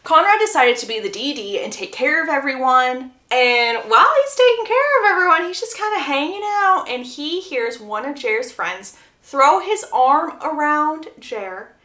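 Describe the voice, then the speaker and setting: A woman's voice: sits high, lively intonation, normal speed, hardly any pauses, pushed and bright. Chatty woman retelling a story, roomy sound. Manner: chatty, acts out quotes. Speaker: book summary creator. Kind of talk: casual plot retelling.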